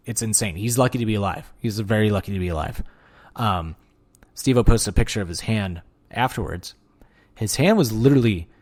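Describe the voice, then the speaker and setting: Excitable, swearing male podcast host. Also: lowish voice. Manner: excitable, swears a lot, many fillers. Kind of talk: casual solo podcast monologue.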